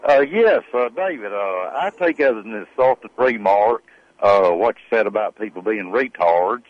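A man calling in to a radio show, halting and full of hesitations. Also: lowish voice, no echo, muffled recording. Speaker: caller. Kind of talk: call-in talk radio.

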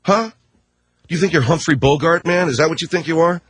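Husky, combative ranting man. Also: a little high, fairly quick, fairly bright tone, no room sound. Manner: combative, sarcastic, mocking. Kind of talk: radio rant.

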